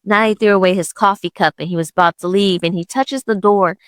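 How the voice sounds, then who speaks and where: A woman's voice: medium pitch, steady tone, a little fast, no echo. A young woman hosting a podcast, telling a personal spiritual story in a casual, chatty way full of "I was like" and "literally". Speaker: podcast host.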